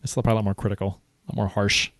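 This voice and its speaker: A man co-hosting a casual sports podcast, excitable and profane, often restarting his sentences. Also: on the low side, racing, dry recording. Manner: excitable, swears, many restarts. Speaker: podcast co-host.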